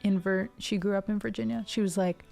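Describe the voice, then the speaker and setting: Speaking brisk and warm, this woman's mid-range voice has a gravelly texture and fairly even intonation. She is a music streamer in her twenties from Ohio with a neutral General American accent. She chats casually to her live stream viewers, rambling through tangents and fillers.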